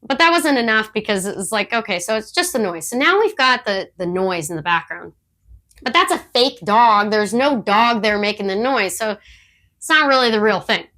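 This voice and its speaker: A talkative woman on a podcast, sharing dog-training stories in an easygoing way. She laughs often and breaks into quick quoted asides. Her voice sits at an ordinary middle pitch. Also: animated, pushed and bright. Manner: chatty storyteller who laughs often; acts out her dog's thoughts in quotes. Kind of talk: casual podcast chat.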